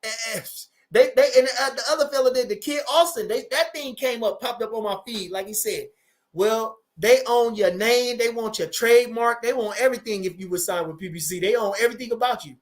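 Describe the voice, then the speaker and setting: Here a fortysomething boxing trainer runs a casual livestream chat, reacting to comments from viewers at a brisk pace. With a fairly high voice, he's lively and profane, often repeating phrases as he doubles back.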